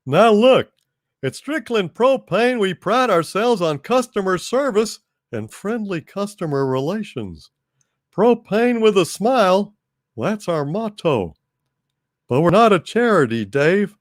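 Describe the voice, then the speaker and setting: A man's voice: sits high, very animated, measured pace, no echo, studio quality, voice pushed up. A man voicing a folksy, middle-aged salesman who is also a ship computer, scolding in a proud, down-home way.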